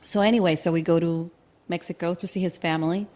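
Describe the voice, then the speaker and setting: A woman in her thirties, a podcast co-host, telling a personal story in casual chat, lively and quick with many restarts. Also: fairly low pitch. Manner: animated, acts out voices in her anecdotes; quick, tumbling delivery with restarts.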